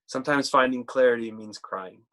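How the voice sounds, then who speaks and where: Man preaching a halting, conversational sermon. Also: mid-range voice, a bit bright. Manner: conversational, halting with restarts, slows for scripture.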